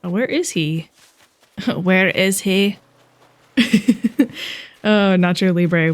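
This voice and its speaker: A young woman talking through a video game in a relaxed, chatty way. She gets excited easily and giggles often as she comments on what she sees. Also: on the low side, drawn-out words, pauses often. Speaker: gaming vlogger. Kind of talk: casual gameplay commentary.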